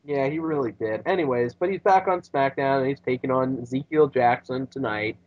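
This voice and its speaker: A man co-hosting a casual wrestling recap podcast, rambling and halting, trying accents that fall flat. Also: medium pitch, dull audio. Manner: rambling, halting, tries bad accent impressions. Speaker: podcast co-host.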